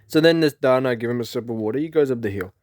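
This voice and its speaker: A young man from Africa, telling a rambling, animated story and laughing often. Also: medium pitch, fast, dry recording, studio quality. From South Africa. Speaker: vlogger. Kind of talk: casual storytelling.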